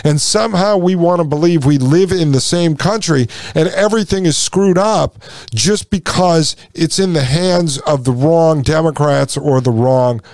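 Sarcastic guy ranting on his podcast, gravelly voice, slightly high, dry sound. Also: a little slow, a little mellow, no room sound. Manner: sarcastic, ranting, reads excerpts then mocks them. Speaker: podcast host. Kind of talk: political commentary monologue.

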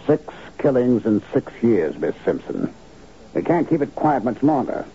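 A man's voice: mid-range voice, sing-song, a little slow, slight background noise. An actor playing an urgent, worried male manager explaining a secret in a vintage radio drama. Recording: dull lo-fi old radio recording.

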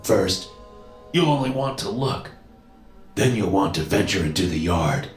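A man's voice: low voice, expressive, measured pace, faint music behind. An overprotective father, raw with emotion and stern, pleads and lectures, as a male narrator plays him. His voice rises and falls widely, set in an echoey room. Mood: emotional. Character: tearful, overprotective middle-aged father.

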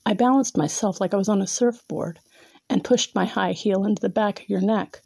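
A woman's voice: mid-range voice, creaky, mellow, slightly rough, no echo. A woman narrating a second-person erotic story in a teasing, domineering way, sometimes dropping to a whisper.

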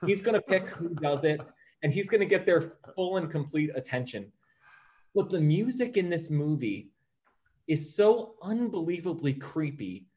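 A man's voice: on the high side, very animated, normal speed, dark tone. A man co-hosting a podcast from his apartment, talking about films in an emphatic, enthusiastic way. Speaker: podcast co-host. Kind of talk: casual film discussion. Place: home apartment.

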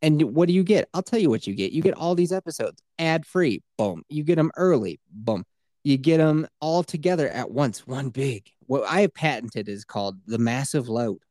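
A man's voice: medium pitch, expressive, normal speed, a little mellow, no echo, studio quality. A man hosting a podcast, joking in a boisterous, crude, casual way. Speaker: podcast host. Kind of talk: casual comedic chat.

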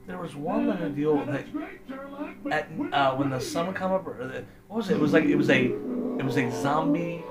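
A man in a casual chat, reacting with quick excitement. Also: on the high side, over loud music.

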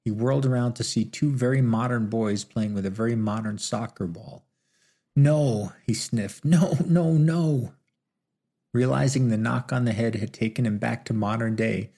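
Gravelly male audiobook narrator. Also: mid-range voice. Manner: steady, storytelling.

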